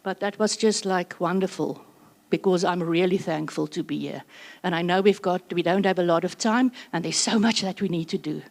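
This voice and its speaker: A South African woman giving a workshop presentation, chatty and slightly out of breath, with quick joking asides. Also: lowish voice, vocal fry, darkish tone. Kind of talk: conference presentation.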